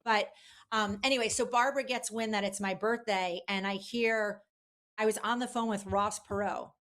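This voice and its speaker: A woman guest in a casual interview, telling an animated story with lots of fillers. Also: mid-range voice, normal speed. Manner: chatty, animated, many fillers. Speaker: guest, publicist.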